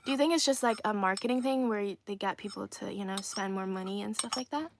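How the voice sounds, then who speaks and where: A woman's voice: medium pitch, quick pace, noisy background. A young woman chatting casually on a livestream, reading viewers' comments aloud with frequent giggles. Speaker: streamer reading live chat.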